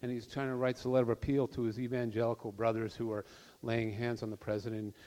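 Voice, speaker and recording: A man's voice: mid-range voice, level tone, fast talker, dark tone. Earnest man speaking in a reverberant hall. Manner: earnest, conversational, rising to emphatic. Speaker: speaker addressing an audience. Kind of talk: informal public talk.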